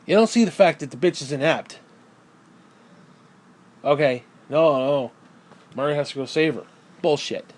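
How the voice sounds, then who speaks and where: A man delivering a crude, heated monologue, swearing constantly and repeating phrases for emphasis. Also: mid-range voice. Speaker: video creator. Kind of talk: profane ranting monologue.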